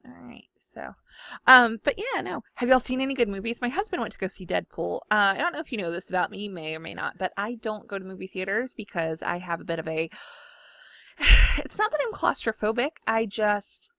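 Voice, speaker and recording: A woman's voice: medium pitch, animated, a little fast, vocal fry, pushed and bright, no room sound. Chatty woman, dry close sound. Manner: chatty, self-deprecating, giggly. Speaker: scrapbooking video host. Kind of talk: casual chat while demonstrating software. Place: home room.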